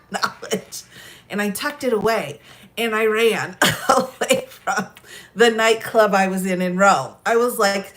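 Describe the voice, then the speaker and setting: A woman's voice: medium pitch, slow, a bit bright. A woman chatting casually on a live stream, telling stories and laughing often. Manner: giggly, chatty, lots of laughter.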